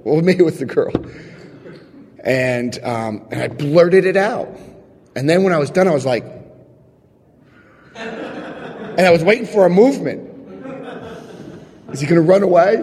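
A man sharing his recovery story with a live audience, telling it in an animated, chatty way, acting out scenes and checking in with his listeners. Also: on the high side, a little slow, pauses often, big-room sound. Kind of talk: personal testimony to a live audience.

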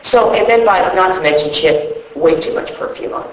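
A woman's voice: fairly low pitch, a little fast. A woman speaking at a recovery meeting, telling her story in a blunt, profane and rambling way to a room full of people. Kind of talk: personal testimony talk. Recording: echoey room with faint noise.

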